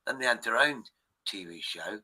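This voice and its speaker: Bright-voiced man, rambling and swearing. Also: lowish voice, lively intonation, normal speed, slightly rough, rough recording. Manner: swears freely, rambling with many restarts. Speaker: live stream host. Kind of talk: rambling casual chat with viewers.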